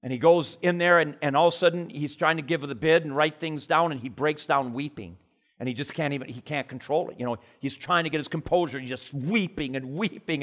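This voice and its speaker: Impassioned male preacher. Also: a little fast. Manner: impassioned, rising loud and high then dropping low into prayer. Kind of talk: sermon.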